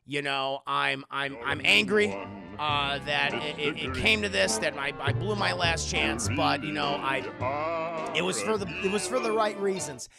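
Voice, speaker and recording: A man's voice: a little high, vocal fry, over loud music. A man doing a hot-headed delinquent teen ghost. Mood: earnest. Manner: blunt, swearing, halting.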